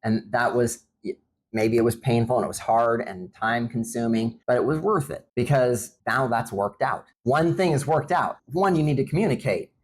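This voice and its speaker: Man co-host, earnest explainer, middle-pitched, light background hiss. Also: moderate pace. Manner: earnest, explains things step by step. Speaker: podcast co-host. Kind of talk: casual couple's conversation.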